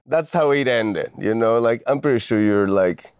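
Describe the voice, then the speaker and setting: A man co-hosting a podcast, telling an embarrassing story in a relaxed, amused way. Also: mid-range voice, normal speed, clean tone, dry recording. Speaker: podcast co-host.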